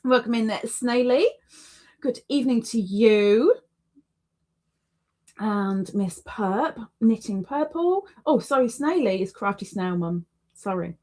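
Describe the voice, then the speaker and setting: A woman hosting a relaxed livestream, talking slowly and unhurriedly. Her voice sits a little high, and she is chatty, leaning on repeated words for emphasis. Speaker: livestream host. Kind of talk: casual livestream chat.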